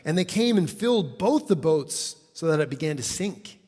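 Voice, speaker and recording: A man preaching a sermon in a conversational, animated way, acting out the lines he quotes. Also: fairly high pitch, moderate pace, husky, in a large hall.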